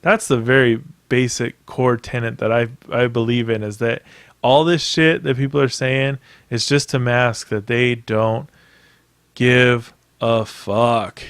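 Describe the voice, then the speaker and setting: A man's voice: medium pitch, fairly even intonation, a little slow, clear, resonant tone, no room sound. Profane, emphatic male podcast host. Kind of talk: casual solo podcast rant.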